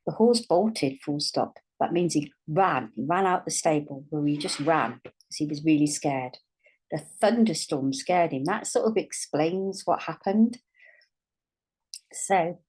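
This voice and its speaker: A woman teaching a writing lesson, dictating each word as she writes. Her low voice is soft and slightly husky, and her pace is slow and patient. Faint keyboard typing sounds in the background. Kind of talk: dyslexia writing lesson, thinking aloud while writing.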